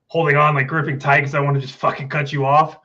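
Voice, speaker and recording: Dude cracking crude jokes at himself, swearing, slightly muffled recording. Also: male voice, on the high side, level tone, fast talker, sharp tone. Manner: crude, swearing, self-mocking. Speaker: co-host. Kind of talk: casual banter.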